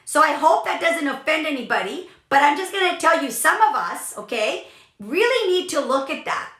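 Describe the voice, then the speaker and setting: A woman's voice: high voice, very animated, moderate pace, sharp tone, roomy sound. A woman hosting a motivational talk, speaking with emphatic energy and repeating phrases for emphasis. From California. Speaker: podcast host, business coach.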